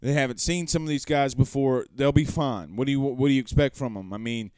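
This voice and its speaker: A man's voice: medium pitch, a little fast, a little mellow, clear, resonant tone, no echo, clean studio sound. A man hosting a sports talk show, reading viewer comments aloud and rambling conversationally with rhetorical questions.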